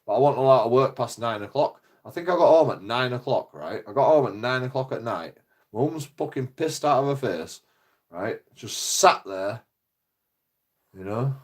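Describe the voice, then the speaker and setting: A man's voice: mid-range voice, animated, normal speed, darkish tone. Swearing, rambling man. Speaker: vlogger. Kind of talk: casual rant.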